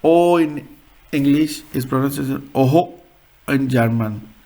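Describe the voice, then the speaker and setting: Male teacher, slow and halting delivery, gravelly edge; repeats words as he explains sounds. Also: mid-range voice, darkish tone. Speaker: language teacher. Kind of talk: beginner language lesson.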